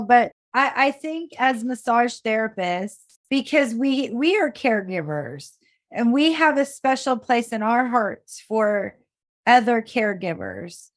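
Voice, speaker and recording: A woman hosting a podcast interview, emotional and halting as she responds to her guest. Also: a little high, lively intonation. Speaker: podcast host. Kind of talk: interview conversation.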